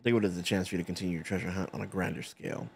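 A man reading the lines of a chatty, gushing woman teacher aloud from a game in his own gravelly voice, without much effort to act her. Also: deep voice, steady tone, rapid-fire, a little mellow, soft background music. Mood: explanatory. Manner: reads on-screen game dialogue aloud in a loose, unpolished way.

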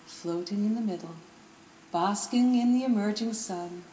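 A woman narrating a children's storybook in a gentle, expressive way. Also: mid-range voice, measured pace, reverberant, a little hiss or hum, rough recording. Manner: gentle, expressive, lingering on words.

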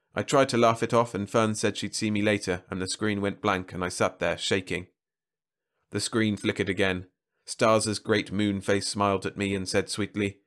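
Male audiobook narrator, low-pitched, measured and even. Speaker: storyteller. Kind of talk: scripted narration.

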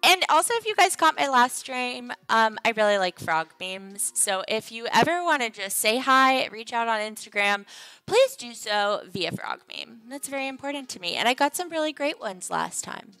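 Bright, playful young woman streamer. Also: on the high side, expressive, normal speed, no room sound, faint music behind. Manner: playful, jokey, chatty. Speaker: livestream host. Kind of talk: casual game livestream chat.

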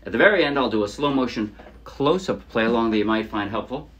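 A man teaching a ukulele song in a casual, chatty way, often trailing off softly and poking fun at himself. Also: medium pitch, lively intonation, quick pace, slightly rough, muffled recording. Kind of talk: casual tutorial explanation. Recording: loud ukulele playing under the voice. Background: ukulele strumming.

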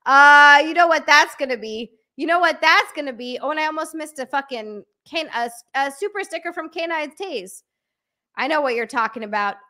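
A young adult woman chatting on a live stream from a room at home, excitable and chatty, thanking viewers by name and bursting into squeals. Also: high-pitched, moderate pace. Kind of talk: casual live-stream chat.

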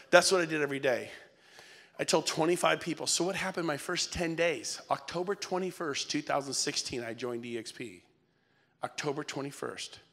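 A man in his fifties giving an energetic motivational speech on stage, swinging between shouts and hushed lines and laughing as he talks to the crowd. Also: a little high. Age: 50s. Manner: energetic, shouting peaks and dropping to near-whisper. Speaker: real estate speaker. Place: event hall before an audience.

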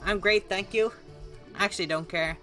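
Bright-voiced sarcastic woman streamer. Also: mid-range voice, normal speed, faint music behind. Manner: sarcastic, self-mocking, chatty. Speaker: gaming streamer. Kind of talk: casual live gaming commentary.

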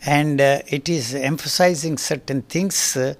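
Fiery, gravelly man in his eighties. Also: on the high side, a little slow. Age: 80s. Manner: emphatic, forceful and blunt. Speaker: interview guest. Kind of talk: fiery spoken discourse. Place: recording studio.

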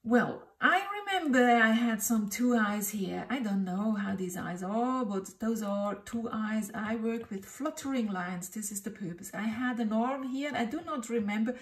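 A woman's voice: on the high side, unhurried, few pauses. A woman thinking aloud as she draws, hesitant and muttering, asking herself questions as she goes. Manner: hesitant, muttering, many fillers and self-questions. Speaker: drawing teacher. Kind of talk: thinking aloud while drawing. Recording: roomy echo, distant mic.

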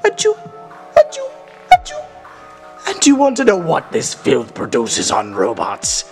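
A performer voicing a grandiose villain who devours robots, speaking with slow, theatrical menace in a fan-made puppet drama. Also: mid-range voice, huge pitch swings, soft background music. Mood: menacing. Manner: slow gloating speech with wild swings and maniacal laughs. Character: sinister robot-eating male villain, gloating, grandiose.

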